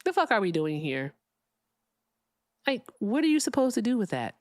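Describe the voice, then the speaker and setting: A woman's voice: on the high side, very animated, normal speed, no echo, clean studio sound. Blunt woman hosting a livestream. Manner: blunt, profane, ranting, reads super chats aloud. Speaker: livestream political talk host. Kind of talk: casual live-stream commentary.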